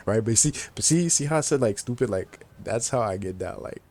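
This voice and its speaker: A man's voice: on the low side, quick pace, few pauses, darkish tone. A young man telling a casual story to the camera, slangy and joking, laughing often as he talks. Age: young adult. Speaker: vlogger.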